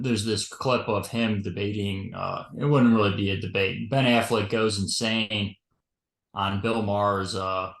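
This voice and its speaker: A man's voice: fairly low pitch, creaky, a bit bright. A man co-hosting a podcast in casual chat, rambling through his points with many fillers. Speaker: podcast co-host. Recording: roomy echo.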